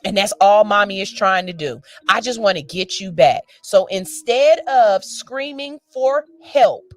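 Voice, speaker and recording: A woman's voice: medium pitch, expressive, unhurried, no room sound. A woman, co-hosting a morning radio show in frank, emphatic casual talk, swearing freely into a studio mic.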